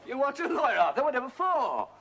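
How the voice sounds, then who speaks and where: A man's voice: extremely high pitch, big pitch swings, fast, a bit bright, full character voice. An actor playing a sly male detective who mocks a suspect with chuckles and needling questions. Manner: taunting, sing-song, chuckling between questions. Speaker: police detective. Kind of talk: broadcast drama acting.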